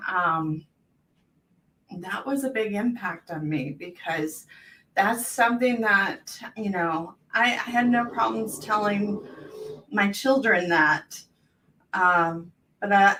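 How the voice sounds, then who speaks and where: A woman's voice: mid-range voice, fairly bright tone. A woman hosting a casual call, talking in an earnest, reflective way. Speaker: host. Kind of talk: casual video-call conversation. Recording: distant mic with faint background noise.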